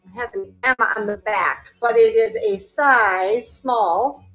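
A chatty woman hosts a live clothing sale, calling out sizes and joking with viewers. Her voice sits a little high, and faint music plays behind her. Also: takes it slowly, a bit bright. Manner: chatty, laughs often, calls out sizes to viewers. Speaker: live-stream seller host. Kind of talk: casual live-sale chat.

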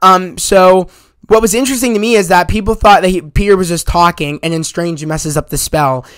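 A movie review channel host gives a spoiler review in a loose, rambling style, filling his sentences with "you know" and "like" and getting excited as he retells scenes. His voice sits high for a man and moves fairly quickly. The tone is clean, with a dry, close recording.

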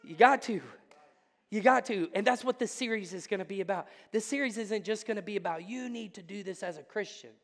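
Male pastor, sermon delivery, dynamic swings from hush to exclamation; church sanctuary with lingering reverb. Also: high-pitched, a little fast. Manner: swings between hushed intensity and loud exclamation.

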